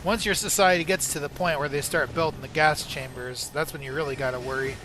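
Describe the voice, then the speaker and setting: Man, game streamer, casual commentary, profane argumentative rant, a bit high-pitched. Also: steady tone, a little fast, pushed and bright, slight background noise. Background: game music.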